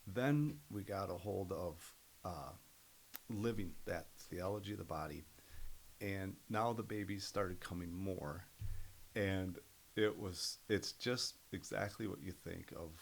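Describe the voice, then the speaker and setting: Gravelly low-voiced middle-aged man. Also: slow pace, slight background noise, rough recording. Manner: earnest, animated storyteller who acts out other people's voices. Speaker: podcast guest. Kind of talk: casual storytelling interview.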